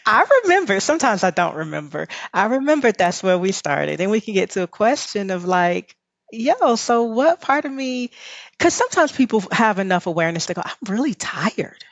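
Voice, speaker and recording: A woman's voice: medium pitch, sing-song, fairly quick, vocal fry, no room sound. A woman with a Southern US drawl, a rest teacher and podcast guest, talking in a reflective, guiding way and laughing often. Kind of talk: podcast conversation.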